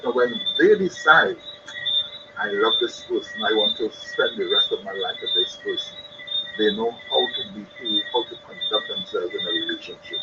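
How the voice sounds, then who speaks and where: A man giving an earnest live-streamed talk on parenting. He repeats his key points for emphasis. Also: on the low side. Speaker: speaker on parenting. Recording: dull lo-fi stream with loud noise.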